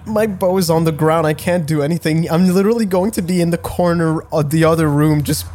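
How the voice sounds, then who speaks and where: A man's voice: fairly high pitch, brisk, a little mellow, a little hiss or hum. A man playing a tabletop game, dramatic and complaining. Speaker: player.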